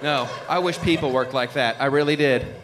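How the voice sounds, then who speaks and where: A man doing an animated stand-up comedy routine on a club stage. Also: medium pitch, moderate pace. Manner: animated storytelling with mock cat yowls. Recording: live club recording with crowd noise. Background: audience laughter.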